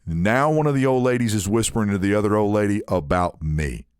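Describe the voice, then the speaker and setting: A man on a podcast telling a story in casual chat, animated and acting out the people in it. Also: fairly low pitch, fairly quick, clear, resonant tone, dry recording, clean studio sound. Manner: animated, acts out quoted people in shifting voices. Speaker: podcast co-host.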